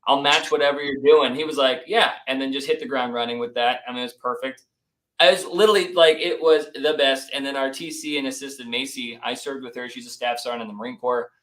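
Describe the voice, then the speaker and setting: A young man in a relaxed interview, swapping stories about business partners. He acts out quotes with lively voices. His tone stays casual and friendly. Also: mid-range voice, fast, poor audio. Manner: animated, acts out quotes, says "like" and "dude" often. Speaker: business founder, podcast guest.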